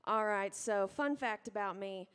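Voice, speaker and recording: A woman's voice: mid-range voice, measured pace, a bit bright, clear, resonant tone. A young woman from Mississippi with a Southern accent, chatting with a bar crowd between songs in a casual, self-deprecating way. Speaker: singer-songwriter performing live. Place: live music bar stage. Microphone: stage vocal mic.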